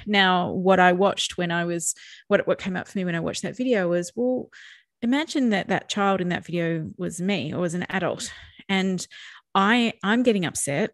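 A woman's voice: fairly low pitch, normal speed, no room sound. Woman, podcast co-host, casual chat, laughs often, dry close sound. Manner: animated, acts out quoted speech, laughs often.

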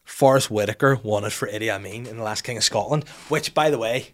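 A man's voice: fairly low pitch, quick pace. A man hosting a comic monologue, ranting irreverently, swearing often and laughing at his own jokes. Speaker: host.

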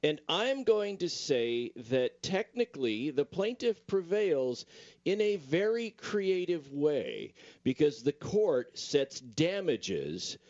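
Male radio co-host, animated pitch, measured delivery, lo-fi sound. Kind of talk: casual panel chat.

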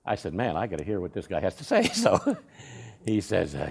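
A man's voice: low voice, fairly quick, creaky, husky. A man, telling a folksy personal testimony to a Sunday school class. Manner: folksy, animated storyteller with frequent restarts. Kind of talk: storytelling testimony in a church class.

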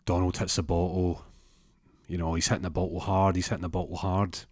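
Male comic storyteller, low voice, rambling deadpan, dry recording. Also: brisk, no room sound.

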